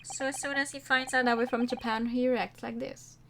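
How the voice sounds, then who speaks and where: A woman's voice: on the high side, level tone, moderate pace, background noise. A woman streamer chatting casually through a game, sarcastic, swearing freely and laughing often. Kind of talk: casual gameplay commentary. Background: background music.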